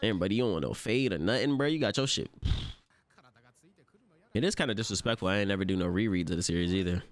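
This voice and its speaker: A young man hosting an anime reaction video, talking in excitable, slangy, profane bursts, often laughing and yelling. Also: lowish voice, quick pace, clean tone. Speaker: anime reaction channel host.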